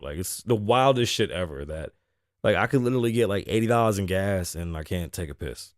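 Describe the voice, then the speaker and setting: A man's voice: low-pitched, expressive, fast, no room sound, studio quality. A man hosting his show, telling a casual, profane story time with lots of laughing. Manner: laughs often between lines. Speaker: host.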